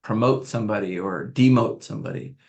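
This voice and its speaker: Measured male podcast host. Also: fairly low pitch, a little mellow. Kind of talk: interview questions.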